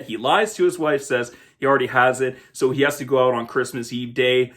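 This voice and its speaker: Speaking a little fast with medium pitch and fairly even intonation, this male film-review host talks about a movie in a relaxed, chatty way. His tone is fairly bright, and he laughs from time to time.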